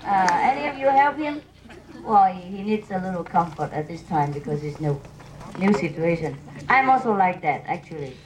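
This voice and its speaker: A woman's voice: lowish voice, animated, normal speed, background noise. A woman spiritual teacher answering questions from a gathering in non-native English, playful and laughing often.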